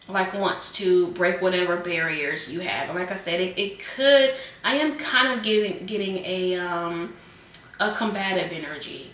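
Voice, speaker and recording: A woman's voice: lowish voice, sharp tone, reverberant, distant mic, slight background noise. A woman giving a casual tarot reading, chatty and rambling, with many fillers and repeated phrases. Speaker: tarot reader.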